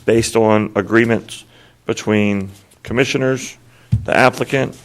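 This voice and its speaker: A man's voice: on the low side, steady tone, measured pace, smooth. A man on a county board reading a rezoning motion aloud in a careful, methodical way. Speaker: board commissioner.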